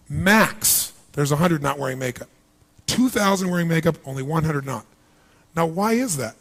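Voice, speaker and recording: A man with a raised, gravelly voice works a packed hall as a motivational speaker. He fires question after question at the crowd and slips into the voices of their doubting thoughts, pushing hard to get answers back. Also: on the high side, lively intonation, moderate pace, fairly bright tone. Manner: rhetorical questions to a crowd, acts out inner voices. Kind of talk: live motivational seminar speech. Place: large hall with a live audience.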